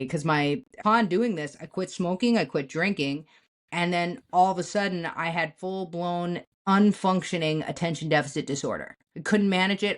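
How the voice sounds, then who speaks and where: Podcast co-host, woman, lowish voice, profane and animated storyteller. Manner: blunt, profane, animated retelling. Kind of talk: candid storytelling chat.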